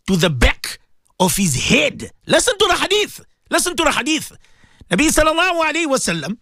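A man giving an impassioned radio sermon to his listeners, emphatic and repetitive, with sudden leaps in pitch. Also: a bit bright, no echo, clean studio sound. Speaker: radio presenter giving religious advice.

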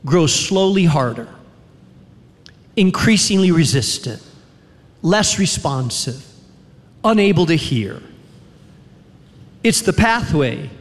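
A man preaching a sermon in a chapel, emphatic, with repeated refrains and dramatic pauses. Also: fairly high pitch. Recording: long reverb of a large hall.

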